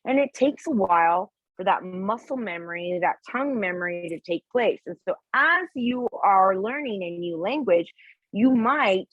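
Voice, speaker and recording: A woman's voice: medium pitch, animated, moderate pace, no echo, dull audio. A woman teaching a test-prep lesson in a chatty way, acting out bits of classroom talk. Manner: chatty, acts out classroom dialogue. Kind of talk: casual explanatory lesson.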